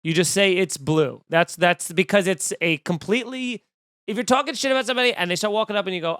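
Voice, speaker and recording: A man's voice: high-pitched, racing, clean tone, no room sound, studio quality. A young man hosting a comedy podcast, ranting casually and acting out the voices of people he quotes. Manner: animated, acts out quoted voices.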